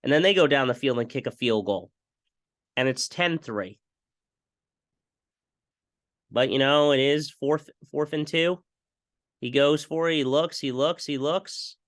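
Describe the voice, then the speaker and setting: A young man giving a casual play-by-play breakdown of a football game. He gets excited and copies broadcast calls, and he keeps repeating stock phrases. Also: mid-range voice, normal speed, no echo. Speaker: fan video commentator.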